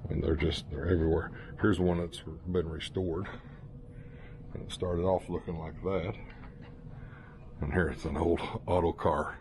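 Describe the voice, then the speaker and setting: A man's voice: sits low, fairly even intonation, a little slow, long pauses, darkish tone, slight background noise. A man in his fifties giving a playful, joking walkthrough of a museum as a vlogger, talking casually as he goes. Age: 50s. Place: indoor museum hall.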